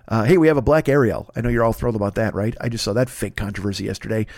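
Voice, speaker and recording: A man's voice: on the low side, fast talker, few pauses, dry recording, clean studio sound. A man hosting a comedy podcast, riffing and ranting in a rambling, profane way. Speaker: podcast host.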